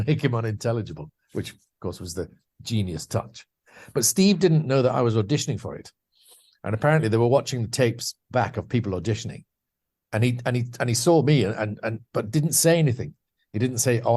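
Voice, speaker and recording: A man's voice: medium pitch, expressive, brisk, darkish tone. A man guesting on a podcast, telling anecdotes about his career in a chatty, self-deprecating way with lots of restarts. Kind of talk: anecdotal interview storytelling.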